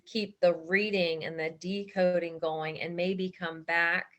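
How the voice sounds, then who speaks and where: A woman's voice: fairly low pitch, level tone, measured pace, a bit bright. A woman teacher in a workshop discussion, earnestly explaining a student's struggle. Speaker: teacher asking a question.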